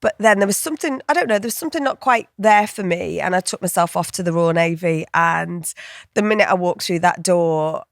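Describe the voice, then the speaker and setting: Woman, northern English accent, fifties, chatty, laughs easily, slightly low pitch. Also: fairly quick, creaky, dry recording, clean studio sound. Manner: chatty, laughing, restarts sentences. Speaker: guest. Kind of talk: casual interview conversation.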